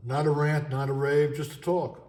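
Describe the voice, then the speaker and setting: A middle-aged man talking in a halting, emotional way in an unscripted vlog monologue at home. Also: fairly high pitch, flat delivery, darkish tone, roomy sound. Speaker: vlogger.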